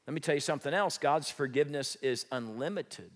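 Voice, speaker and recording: A man preaching a sermon as pastor, lively and joking, sometimes acting out what people say. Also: on the high side, brisk. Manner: lively, joking, acts out quoted speech. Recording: reverberant church hall.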